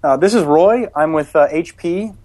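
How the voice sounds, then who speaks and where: A man's voice: on the high side, normal speed, mellow, dry recording, voice pushed up, lightly acted. A man playing a polite male corporate public relations caller, speaking in a hesitant, scripted way. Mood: overly polite.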